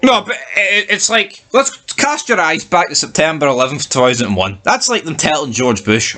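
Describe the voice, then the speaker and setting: A man rants through a casual TV review with a fairly high, sharp, forceful voice. He is animated and swears freely, talking over his co-host. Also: normal speed, few pauses.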